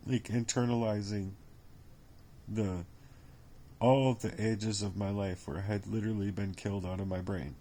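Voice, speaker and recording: A man with a fairly low, steady, dark voice delivers a rambling personal vlog. Exhausted and worn down, he's sarcastic and bitter, cursing often and repeating himself in halting phrases.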